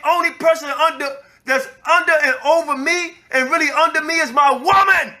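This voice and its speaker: A religious elder hosting a reaction to a clip delivers a loud, heated rant in a sharp, high-pitched voice. He is angry and profane, preaching while echoing the clip's own words to refute them.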